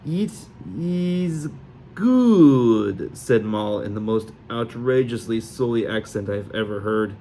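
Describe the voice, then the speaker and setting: A man narrating a novel aloud in a steady reading voice with occasional small slips. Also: lowish voice, moderate pace, few pauses, a little hiss or hum. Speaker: audiobook reader. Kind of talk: amateur audiobook narration.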